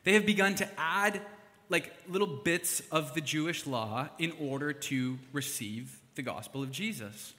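A young man preaching a casual sermon, chatty and animated, with fillers and asides. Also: a little high, measured pace. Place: church hall. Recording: long hall reverb.

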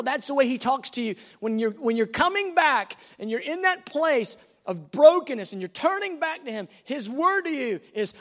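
A man with a notably high speaking voice delivers a teaching sermon. He talks in a lively, conversational way and acts out the lines he quotes. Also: normal speed, few pauses. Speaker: preacher.

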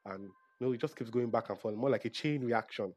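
A man's voice: mid-range voice, fairly quick, darkish tone, breathy edge. Chatty Nigerian man musing aloud. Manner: chatty, self-correcting, emotional. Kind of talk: casual monologue.

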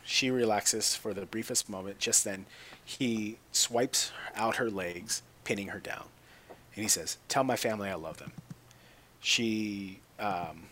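Guy with a bright voice recapping a movie scene, lots of uhs and ums, faint hiss behind. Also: lowish voice. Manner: halting retelling with many fillers. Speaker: narrator. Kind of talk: casual plot retelling.

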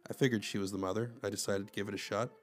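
A man's voice: on the low side, steady tone, rapid-fire. A man narrating a first-person story with wry, conversational asides.

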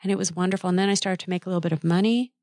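A middle-aged woman recounts her own career in an interview, candid and lively, tossing in quick asides as she goes. Her voice sits a little low for a woman, and the recording is close and dry with no room sound. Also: dry recording. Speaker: textile designer and author. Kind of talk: personal storytelling in an interview.

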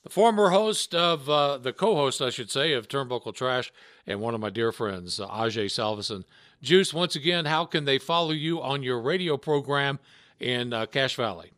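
Chatty podcast host, dry close sound. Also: male voice, medium pitch, animated, normal speed, fairly bright tone, no room sound. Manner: chatty and laughing, loose restarts. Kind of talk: casual chat.

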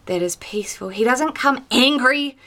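A woman's voice: a little high, animated, moderate pace. Earnest woman giving a devotional talk. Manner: earnest, conversational, swings from emphatic to soft and quiet. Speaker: podcast host teaching on the Bible.

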